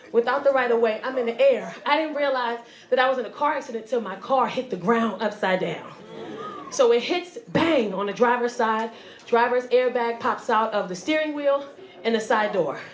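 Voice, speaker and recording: A woman comedian telling a story on stage in an animated way, acting out the voices and swinging between loud and soft. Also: fairly high pitch, reverberant. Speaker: stand-up comedian. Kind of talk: stand-up storytelling.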